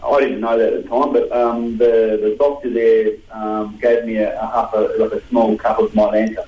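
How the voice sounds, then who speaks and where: A man's voice: on the low side, level tone, normal speed, roomy sound, muffled recording. A man in his thirties with an Australian accent, talking bluntly and combatively as a guest on a radio show. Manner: blunt, combative, slang-heavy. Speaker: guest boxer. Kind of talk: radio phone-in interview.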